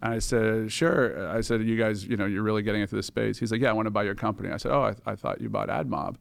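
A man's voice: lowish voice, fast, creaky, dry recording, studio quality. A middle-aged man, a podcast guest, telling a story casually, swearing and acting out quoted dialogue.

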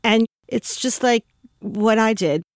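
A widow telling a heartfelt personal story about grief, pausing often. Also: female voice, a little high, dry recording, clean studio sound.

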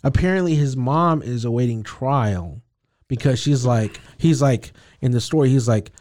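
Animated male podcast storyteller. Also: mid-range voice, moderate pace, dry recording, clean studio sound. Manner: animated storyteller acting out characters' lines. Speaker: podcast co-host. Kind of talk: casual chat recapping a comic plot.

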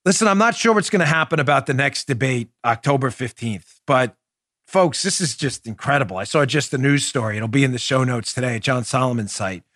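A man's voice: mid-range voice, expressive, a little fast, a bit bright, no echo, studio quality. A man hosting a political commentary podcast, talking emphatically and with indignation, addressing his listeners directly. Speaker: podcast host.

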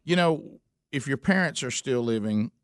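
A man, hosting a talk show and telling a lively family story in casual chat. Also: medium pitch, normal speed, clear, resonant tone, no echo, studio quality. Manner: animated storyteller, voice jumps when quoting his mother. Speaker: radio host.

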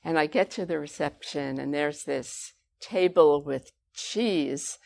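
A woman with a low voice speaks as a guest author, telling a story with lively, expressive emphasis. Her tone carries a gravelly, creaky edge throughout. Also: slow. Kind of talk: conversational storytelling.

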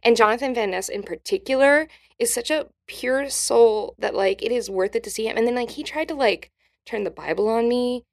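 A woman comedian on a podcast, telling family stories in a casual, animated way and acting out the voices of the people in them. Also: on the high side, normal speed, gravelly. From New Mexico, US. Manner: animated, acts out quoted voices. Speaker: comedian guest.

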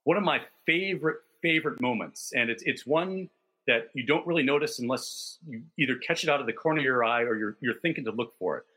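A man's voice: medium pitch, a little fast, sharp tone, slightly rough. A man co-hosting a casual sports podcast, telling stories in detail and backing them with statistics. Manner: detailed, enthusiastic storytelling with stats. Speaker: podcast co-host.

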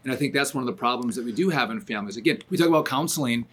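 A man speaks at a middle pitch, casual but earnest. He gives advice in a sincere, steady way. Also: racing, husky. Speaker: podcast guest. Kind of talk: casual chat.

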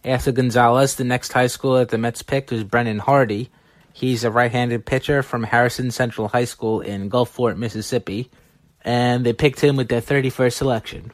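A man's voice: medium pitch, fairly even intonation, normal speed, no echo. A man talking through baseball prospects in a casual, analytical way, now and then correcting himself. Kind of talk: solo scouting commentary.

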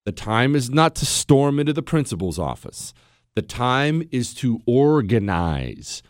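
A man's voice: medium pitch, very animated, unhurried, no room sound. A man hosting a talk radio show, ranting with passion and sarcasm into a studio mic.

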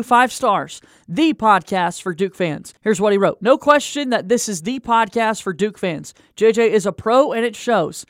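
A man's voice: sits high, fairly bright tone, dry recording, studio quality. A man hosting a podcast, reading listener reviews in an upbeat, promotional way. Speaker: podcast host.

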